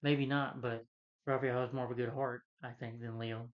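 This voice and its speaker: A man's voice: mid-range voice, flat delivery, fairly quick, muffled recording. Rambling man recapping a movie plot. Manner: rambling, loose retelling full of "you know". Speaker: film reviewer.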